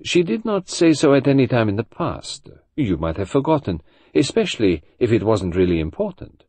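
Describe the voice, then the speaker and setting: A man playing a fastidious older detective who questions people in a precise, formal manner in an audiobook. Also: medium pitch, sing-song, a little mellow, breathy edge, no echo, pitched above the performer's own voice. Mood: probing. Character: fastidious elderly male detective, polite and probing.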